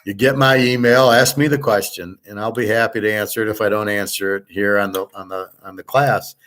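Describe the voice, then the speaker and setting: A man's voice: fairly low pitch, fairly even intonation, a little fast, a bit bright. A middle-aged man hosting a betting and economics class, talking in a blunt, profane, rambling rant and lecturing listeners as his students. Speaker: host.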